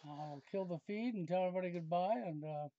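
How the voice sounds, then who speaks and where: A man hosting a casual call-in radio chat, brisk as he runs the show's timing. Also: sits high, dark tone, no room sound, highs cut off. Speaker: host.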